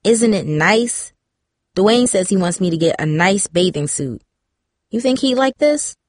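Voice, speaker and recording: A woman reading the part of a bold, touchy teenage girl in a storybook, pushy and quick to take offense. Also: medium pitch, lively intonation, no room sound, studio quality. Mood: excited. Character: teen girl, bold and defensive.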